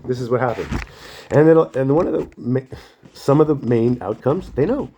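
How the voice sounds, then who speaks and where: Here a man of medium pitch and moderate pace rambles casually through a monologue. His storytelling is animated, with quotes acted out and free swearing, and he's self-deprecating, regularly apologizing and chuckling at himself.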